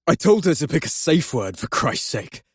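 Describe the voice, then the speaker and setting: Man voicing an anguished young doctor, husky voice, lively swings in pitch, dry close sound. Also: normal speed, no room sound. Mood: guilt-ridden. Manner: swearing outbursts, self-loathing rants. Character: anguished young male doctor, guilt-ridden, volatile. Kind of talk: audiobook character acting.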